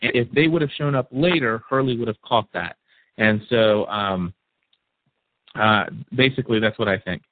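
A man's voice: medium pitch, normal speed, no echo. Rambling male call-in host on a tinny line. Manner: rambling, repeats words when thinking. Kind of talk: casual call-in discussion.

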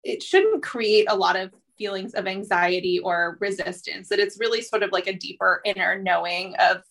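Thirtysomething woman therapist on a podcast, musing out loud, lots of ums, mid pitch. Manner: thoughtful, reflective, many fillers. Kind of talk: casual conversation.

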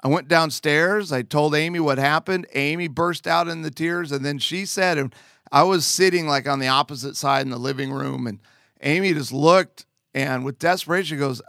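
A man's voice: a little high, moderate pace, a bit bright, no echo, studio quality. A man earnestly telling a personal testimony as a father, conversational with emphatic asides.

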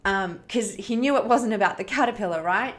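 A woman's voice: medium pitch, fairly quick, soft background music. A woman hosting a parenting challenge, telling a story to her online audience in an earnest, heartfelt, conversational way.

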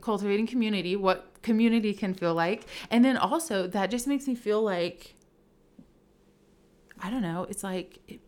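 A woman co-hosting a casual podcast from a home kitchen, talking in a chatty, enthusiastic way. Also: medium pitch. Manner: enthusiastic, warm-hearted, chatty with many "like"s. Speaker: podcast co-host. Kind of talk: casual conversational podcast chat.

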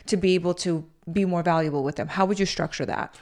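A woman's voice: lowish voice, steady tone, quick pace, a little mellow. A woman co-hosting a casual podcast, asking questions in a hesitant, curious way. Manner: inquisitive, hesitant phrasing. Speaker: co-host.

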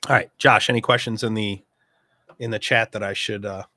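A man's voice: fairly low pitch, fairly even intonation, brisk, pushed and bright, no room sound. A man in his forties hosting a casual live session, talking loosely with many fillers and restarts, heartfelt when he speaks about family. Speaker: host of a members' live session. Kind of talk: casual live-stream talk.

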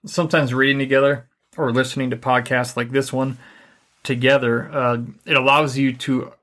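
A middle-aged man co-hosting a podcast, giving relationship advice in a calm, even, deliberately unhurried way. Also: mid-range voice. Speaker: podcast co-host. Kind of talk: casual advice chat.

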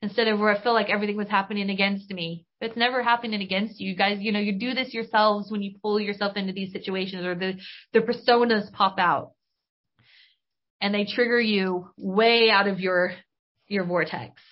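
A woman's voice: mid-range voice, steady tone, brisk. A woman hosting a podcast and giving an enthusiastic spiritual coaching talk, casual and bubbly with mild slang. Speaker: podcast host and business coach. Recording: dull lo-fi recording.

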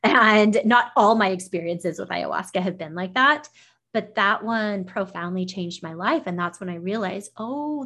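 A woman's voice: medium pitch, a bit bright. A woman talking as a podcast guest, recounting a personal experience in an effusive, emotional way with many "like" fillers. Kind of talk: personal storytelling in conversation.

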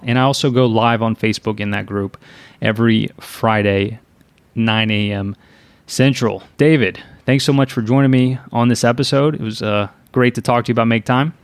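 A man's voice: mid-range voice, steady tone, normal speed, dry recording. A man hosting a casual podcast chat, upbeat as he wraps up the episode with plugs for the show. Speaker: podcast host.

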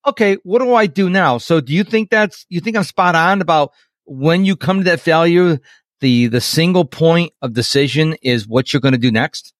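A man hosting a podcast interview who speaks earnestly and keeps putting questions to his guest. His voice sits a little high for a man. The recording is close and dry. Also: moderate pace, dry recording. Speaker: podcast host. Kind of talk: casual conversational interview.

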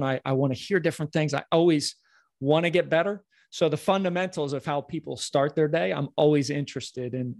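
A man's voice: on the high side, no room sound, clean studio sound. A man answering interview questions as a coach, earnest, often restarting with repeated words. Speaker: podcast guest, morning-routine coach.

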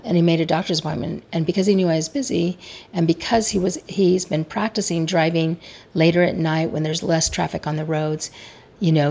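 Low, gravelly woman giving marriage advice. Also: a little mellow. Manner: candid, reflective, self-deprecating. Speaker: marriage coach. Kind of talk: personal advice talk.

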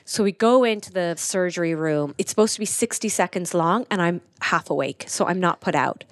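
A woman's voice: on the low side, a little fast, no echo, clean studio sound. A woman, a podcast guest telling a personal story earnestly, with lots of "like" fillers. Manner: earnest, animated retelling with frequent "like" fillers.

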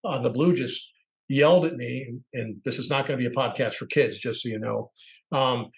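A man's voice: mid-range voice, normal speed, rough recording. A middle-aged man sharing candid personal reflections as a podcast co-host, thinking aloud and searching for words. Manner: candid, searching, acts out quoted voices.

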